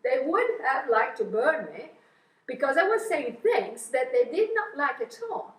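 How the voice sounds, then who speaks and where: High-voiced Italian woman lecturing in an echoey hall. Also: measured pace, distant mic. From Italy. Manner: lively storytelling with many fillers. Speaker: guest lecturer. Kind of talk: anecdotal seminar lecture.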